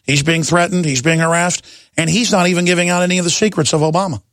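Man, talk radio host, gravelly voice, fairly high, indignant, emphatic, dry close studio mic. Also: fairly even intonation, fast, fairly bright tone, no echo. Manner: emphatic and indignant, addresses listeners as folks. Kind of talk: opinionated talk radio monologue.

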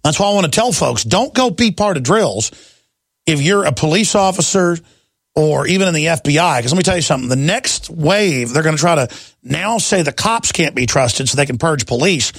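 A gravelly, slightly higher-voiced man hosting a talk radio show, ranting emphatically and with indignation at his listeners. The sound is dry and close on a studio microphone, with no room around it. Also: animated, moderate pace, fairly bright tone, no room sound. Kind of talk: opinionated talk radio monologue.

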